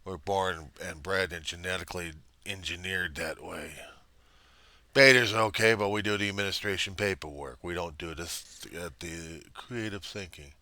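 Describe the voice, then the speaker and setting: A man's voice: deep voice, moderate pace, sharp tone, dry recording. A man voicing an arrogant male bully who sneers and bellows threats at a listener. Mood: sneering.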